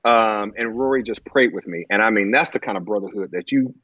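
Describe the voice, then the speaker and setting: A man telling a personal story in a halting way, with many fillers and restarts, on a muffled lo-fi recording. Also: fairly low pitch, a bit bright, no room sound. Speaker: guest. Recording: muffled lo-fi audio.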